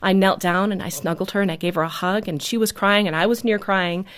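A woman telling a story from her life as a mother in a radio interview, earnest and animated, laughing often. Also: medium pitch, fairly quick.

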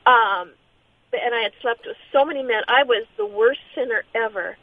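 A middle-aged woman giving a personal testimony as an interview guest, speaking in a halting, earnest way with many restarts. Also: a little high, sing-song. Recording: tinny phone-line sound.

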